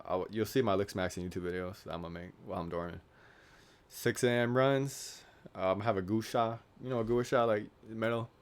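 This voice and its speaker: A young man in his late teens vlogging casually, rambling and joking at his own expense. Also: fairly low pitch. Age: young adult. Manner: rambling, self-deprecating, joking. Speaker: YouTuber.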